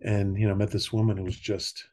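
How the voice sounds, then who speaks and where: A man's voice: on the low side, flat delivery. A man in his sixties, a podcast guest, telling personal stories in casual conversation, laughing often and trailing off between thoughts. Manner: warm storytelling, laughing often, trailing pauses.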